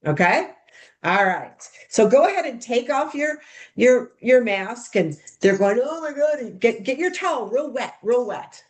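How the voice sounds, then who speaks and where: A woman's voice: fairly high pitch, animated, measured pace. Bubbly woman demonstrating skincare. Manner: bubbly and chatty, addressing the group as "you guys" and "ladies". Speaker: skincare consultant coaching how to host a product party. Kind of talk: hands-on demonstration talk.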